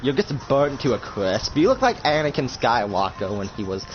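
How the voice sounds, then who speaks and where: A young man narrating an improvised roleplay in a rambling, casual way, swearing freely and jumping into quick voices. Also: mid-range voice, sing-song, lo-fi sound, background noise.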